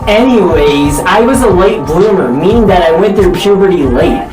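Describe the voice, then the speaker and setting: A man's voice: high voice, lively intonation, normal speed. Goofy young guy vlogging, teasing himself, music playing under him, sounds kinda far off the mic. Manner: joking, playful, self-teasing. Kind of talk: casual vlog talking to viewers. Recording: echoey room, mic at a distance, music behind.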